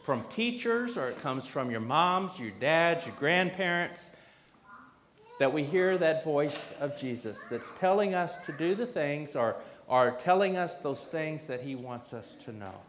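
Gentle man quizzing children in church. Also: a little high, animated, unhurried. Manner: patient, asks children simple questions. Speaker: pastor leading a children's message. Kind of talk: children's sermon.

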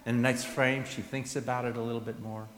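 A pastor giving a sermon in a church, earnest, pushing his questions up and letting his statements fall soft. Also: medium pitch, flat delivery, brisk. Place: church sanctuary. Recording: echoey church hall with long reverb.

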